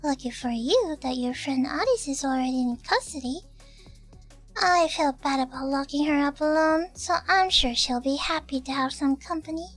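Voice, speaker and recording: A woman's voice: high-pitched, moderate pace, soft background music, close to an everyday voice. A woman voicing a stern young female student council officer from a game, scolding in a cold, formal way. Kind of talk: reading game dialogue aloud.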